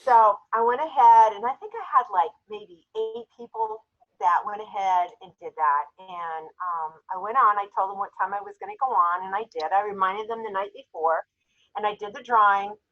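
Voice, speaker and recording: A woman's voice: medium pitch, expressive, moderate pace. Woman for a sales team call, heartfelt storyteller, slightly dull lo-fi sound. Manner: emotional, storytelling, tearful at times. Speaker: jewelry sales team member. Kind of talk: casual group call.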